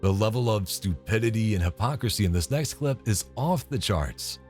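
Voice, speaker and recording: A man's voice: fairly low pitch, animated, normal speed, darkish tone. A man reading scripted narration for a video compilation, matter-of-fact and scornful. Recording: faint background music.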